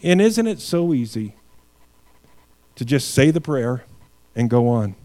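A man's voice: big pitch swings, a little slow. A man preaching with emphatic swings. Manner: earnest preaching, swings from loud emphatic lines to quiet low endings; repeats words when restarting. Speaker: pastor. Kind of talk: sermon.

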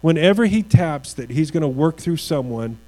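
A pastor delivers a sermon in a warm, mellow, expressive voice, earnest and slightly halting, repeating words as he works up to key lines. The recording is low quality, with a low mains hum running beneath it.

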